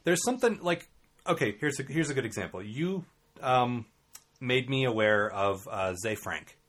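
A man's voice: mid-range voice, lively intonation, normal speed, fairly bright tone. A man co-hosting a casual podcast chat, candid and rambling, swearing freely and laughing often. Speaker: podcast co-host.

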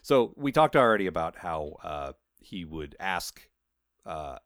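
A man's voice: sits low, big pitch swings, measured pace, a bit bright, dry recording, studio quality. A man co-hosting a casual podcast, chatty and enthusiastic as he discusses a novel. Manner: chatty, enthusiastic, trails off and restarts. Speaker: podcast co-host.

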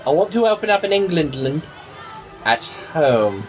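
Pompous rich english toff voiced by a woman, lively swooping delivery, gushing and clueless. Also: low-pitched, normal speed, faint music behind, a faint crowd. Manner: posh, gushing, oblivious. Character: wealthy, excitable, pompous English gentleman. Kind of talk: comedy audio drama.

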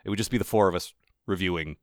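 A man co-hosting a podcast in casual chat, laughing often and slipping into quick character voices. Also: deep voice, no room sound, clean studio sound. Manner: chatty, laughs often, lively voice impressions. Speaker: podcast co-host.

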